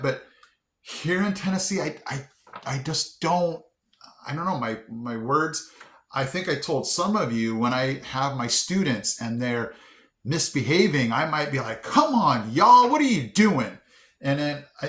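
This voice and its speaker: A man's voice: mid-range voice, fairly bright tone. A man hosting a casual vlog, chatty and upbeat, often poking fun at himself. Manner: upbeat, chatty, self-deprecating. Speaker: vlog host. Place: indoor room. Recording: roomy echo.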